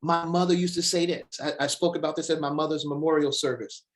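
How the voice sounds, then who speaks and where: This motivational speaker's webinar talk comes in a voice that sits a little high. He's lively and speaks right to his audience, drawing out single words for emphasis with dramatic pauses.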